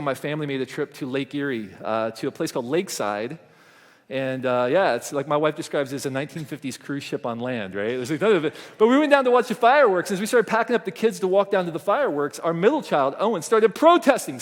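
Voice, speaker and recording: High-voiced man speaking in a reverberant hall. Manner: animated storytelling, acts out quoted voices. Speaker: conference speaker. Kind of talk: motivational keynote talk. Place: conference hall stage. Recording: long reverb of a large hall.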